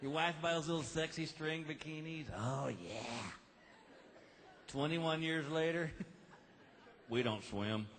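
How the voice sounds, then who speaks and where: A middle-aged man doing a lively stand-up comedy routine, telling stories and acting out quick voices. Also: a little high. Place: large live venue with audience. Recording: live show with crowd noise.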